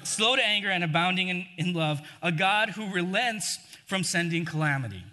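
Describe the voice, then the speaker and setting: A preacher voicing an exasperated Jonah. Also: male voice, sits high, expressive, normal speed, sharp tone. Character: indignant prophet Jonah, grown man, complaining.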